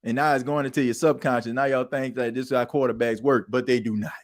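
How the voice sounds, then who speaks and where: A man's voice: medium pitch, steady tone, fast. A man hosting a sports podcast, ranting emphatically in casual slang. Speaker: podcast host. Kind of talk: animated sports talk monologue.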